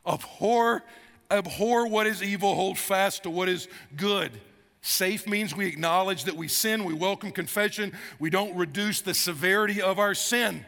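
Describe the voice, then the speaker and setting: A male pastor in his fifties, high and gravelly, preaches at normal speed with a bright, forceful edge, repeating phrases to drive his points home and growing animated. The long reverb of a large church sanctuary rings around his voice.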